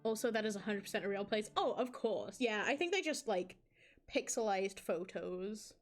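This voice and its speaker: A woman's voice: medium pitch, animated, normal speed. A woman streamer reading a visual novel aloud and chatting with viewers in a rambling, self-mocking way, with frequent restarts.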